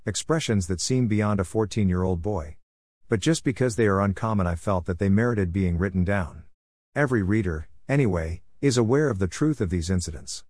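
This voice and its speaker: Low-voiced man reading an audiobook. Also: dry recording, studio quality. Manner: measured, steady, formal reading. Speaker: narrator. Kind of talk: audiobook reading of a religious biography.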